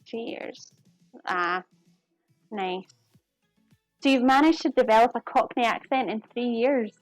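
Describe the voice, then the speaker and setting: Chatty, higher-voiced woman cooking live. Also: measured pace, dry recording, faint music behind. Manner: chatty, talks to viewers while cooking. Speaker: cooking streamer. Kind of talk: casual live cooking chat. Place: home kitchen.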